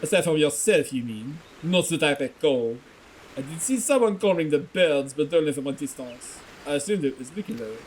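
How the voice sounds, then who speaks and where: A man voicing a dry, deadpan male stable worker. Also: fairly high pitch, normal speed, a little hiss or hum, natural voice.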